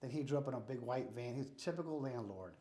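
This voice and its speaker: A man's voice: medium pitch, fast. American man telling a story in a roomy space. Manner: animated storyteller acting out dialogue. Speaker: real estate investor guest. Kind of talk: casual storytelling interview. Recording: roomy echo.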